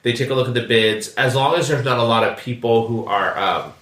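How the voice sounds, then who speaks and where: A man's voice: mid-range voice, a little fast, fairly bright tone, reverberant. A man co-hosting a podcast, chatting casually and rambling with frequent laughs. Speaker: podcast co-host. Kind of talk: casual chat.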